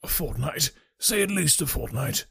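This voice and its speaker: A man voicing a proud, disgraced male butler in a storybook reading, hoarse with emotion and pleading slowly and quietly. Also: on the high side, animated, no echo, studio quality, full character voice.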